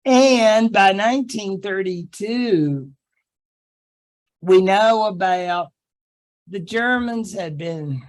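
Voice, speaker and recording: Slow, chatty older Southern professor. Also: male voice, high-pitched, poor audio. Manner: chatty and humorous, acting out quotes in silly voices. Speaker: history professor. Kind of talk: classroom lecture. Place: classroom with students.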